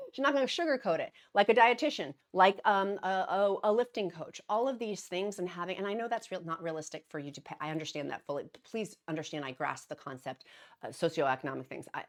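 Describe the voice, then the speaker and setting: A woman hosting her daily vlog, talking earnestly and encouragingly to viewers, with frequent restarts and little laughs. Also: on the low side. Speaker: vlogger hosting a daily show. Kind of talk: casual direct-to-camera vlog talk.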